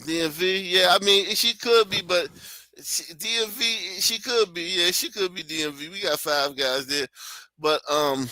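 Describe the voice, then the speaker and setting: A man's voice: high voice, moderate pace, pushed and bright, no echo, rough recording. A man hosting a stream, casually reacting to video clips with loose, joking talk and frequent laughter.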